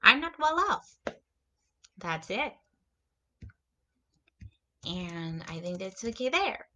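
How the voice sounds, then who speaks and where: Slow, lively-voiced woman teaching English words. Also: medium pitch. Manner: slow, repeats example words and sentences aloud. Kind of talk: casual vocabulary lesson.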